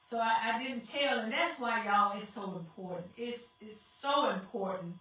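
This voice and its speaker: A woman gives a tearful testimony in a bright, raised voice. She is picked up from far off and rings through a very echoey hall. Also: fairly high pitch, unhurried, slight background noise. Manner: addresses the crowd as y'all, tearful. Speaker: guest speaker sharing testimony. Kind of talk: emotional personal testimony. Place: church sanctuary.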